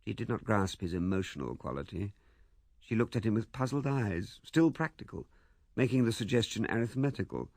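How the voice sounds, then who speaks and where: A man narrating a classic novel in a measured, expressive storytelling manner. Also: medium pitch, no echo, studio quality. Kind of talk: scripted audiobook narration.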